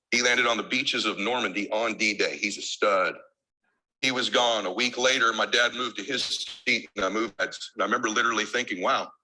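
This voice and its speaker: A man's voice: fairly low pitch, pushed and bright, low-quality recording. A man giving an emotional keynote speech as a motivational speaker, emphatic and driven by insistent repetition.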